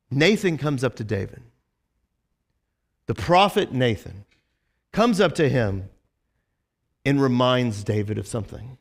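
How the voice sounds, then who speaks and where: A male pastor giving a casual, conversational sermon, chatty and full of fillers and restarts. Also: fairly high pitch.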